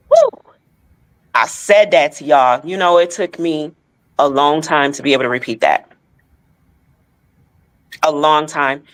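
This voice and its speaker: A woman's voice: sits low, a little slow, pauses often. A woman co-hosting a podcast, telling a painful personal story with emotion and speaking straight to her listeners. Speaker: podcast co-host.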